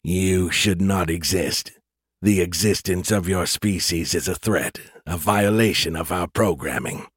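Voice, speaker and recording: A man voicing a cold, menacing male alien AI that speaks in a slow, mechanical way for an audiobook. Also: low-pitched, breathy edge, dry recording, studio quality, pitched below the performer's own voice.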